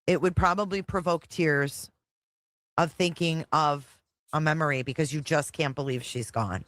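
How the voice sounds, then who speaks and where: A woman's voice: low voice, normal speed, a bit bright, no room sound. A woman hosting a casual reaction stream, blunt, profane and exasperated as she comments. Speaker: livestream commentary host.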